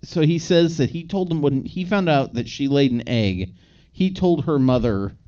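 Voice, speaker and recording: A man chatting casually on a podcast, his pitch swinging widely as he rambles through a movie recap. The audio is a bit dull and lo-fi. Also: distant mic. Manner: rambling, animated recap with laughs. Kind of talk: casual chat.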